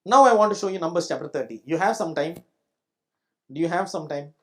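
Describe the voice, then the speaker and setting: A man's voice: fairly high pitch, lively intonation, fairly quick. A male pastor with an Indian English accent preaching a sermon in church. He speaks emphatically, repeats his points, and keeps checking that the congregation understands.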